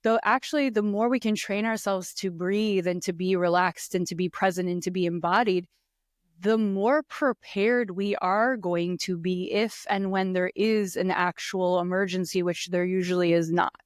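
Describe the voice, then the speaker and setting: Smooth-voiced reflective woman guest. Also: lowish voice, fairly even intonation, moderate pace, no room sound, clean studio sound. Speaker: podcast guest, spiritual practitioner. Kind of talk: casual conversation.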